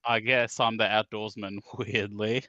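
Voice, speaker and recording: Slow-talking male tabletop player. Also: lowish voice, flat delivery, bright, forceful tone, no room sound, muffled recording. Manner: hesitant, thinks aloud while rolling dice. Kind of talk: tabletop game play chat.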